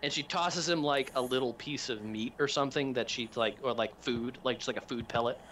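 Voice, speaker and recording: A man running a tabletop game, narrating scenes with frequent pauses, fillers and restarts. His voice sits in an ordinary middle register, with a faint hiss under it. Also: mid-range voice, a bit bright. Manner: hesitant with many fillers and restarts. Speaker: game master.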